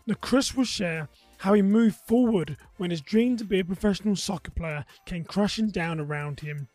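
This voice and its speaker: A man's voice: high-pitched, darkish tone, no room sound. A man with a South London accent hosting a podcast, upbeat and talkative, often restarting his sentences. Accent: South London English. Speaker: podcast host. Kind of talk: podcast interview.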